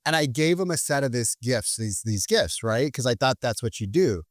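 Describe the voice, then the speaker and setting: A man telling stories as a podcast guest in a lively, casual way. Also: mid-range voice, normal speed, no echo, studio quality. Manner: animated, acts out quoted people. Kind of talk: casual storytelling.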